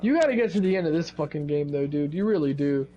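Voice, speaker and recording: A young man chatting casually while playing a game, animated and swearing freely, jumping into high mock outbursts when he quotes himself. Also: fast talker, dull audio, over music. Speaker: co-host of a gaming video. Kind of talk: casual gaming chat.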